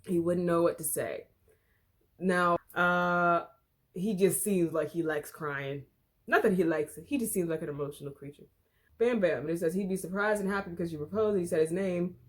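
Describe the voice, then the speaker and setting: A young woman casually reading fan fiction aloud with a friend, stumbling over the text, swearing and breaking into laughter. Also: on the low side.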